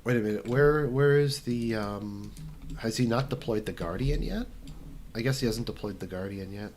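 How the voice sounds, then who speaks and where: A man's voice: lowish voice, normal speed, darkish tone, slight background noise. A young man casually answering viewer questions while playing a strategy game, rambling with lots of fillers. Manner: rambling, filler-heavy, restarts. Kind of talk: casual commentary while gaming.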